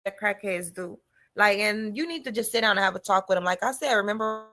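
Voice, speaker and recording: A woman hosting a podcast, delivering a loud, animated comedic monologue to her listeners. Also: mid-range voice, fairly quick. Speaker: podcast host.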